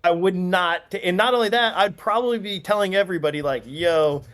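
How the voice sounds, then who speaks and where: A man chatting casually on a podcast, animated and loose, full of "dude" and "you know.". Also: high voice, fast. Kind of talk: casual chat.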